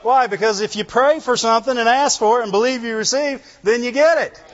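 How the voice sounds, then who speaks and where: A man preaching a sermon, animated and full of rhetorical questions, breaking into "Glory to God" again and again. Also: very high-pitched, fairly quick. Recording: dull lo-fi sound in a reverberant hall.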